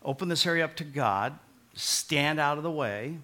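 A male pastor preaching a sermon in a conversational way, moving between loud emphatic points and quiet, earnest pleading, often repeating short phrases. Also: fairly high pitch, lively intonation, normal speed.

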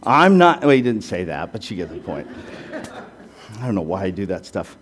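A man's voice: sits low, lively intonation, a little fast, darkish tone. A male pastor preaching a sermon in a conversational way, with rhetorical questions and self-deprecating asides.

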